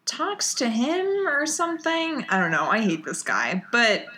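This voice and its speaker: A woman's voice: a little high, huge pitch swings, bright, forceful tone. An American woman recapping a TV episode in casual chat, laughing often and filling with "like". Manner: giggly, filler-heavy, drawn-out storytelling. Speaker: podcast co-host recapping a TV episode.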